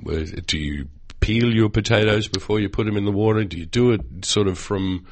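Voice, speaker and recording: Teasing low-voiced man in casual chat. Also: moderate pace. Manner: teasing, playful, jumps into funny voices. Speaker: podcast co-host.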